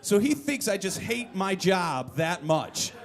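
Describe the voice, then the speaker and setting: A man performing a comedic one-man show live on stage. He tells self-deprecating stories in an animated way and builds up to loud punchlines. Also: high voice, slow pace, some chatter behind. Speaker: comedic storyteller.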